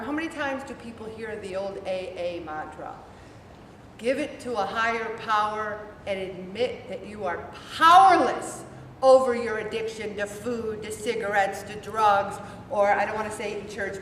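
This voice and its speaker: Animated woman leading a church group. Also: on the high side, a little hiss or hum. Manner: animated, acts out her own inner dialogue. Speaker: weight-loss support group leader. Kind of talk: faith-based group talk. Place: church meeting room. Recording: echoey room from far off.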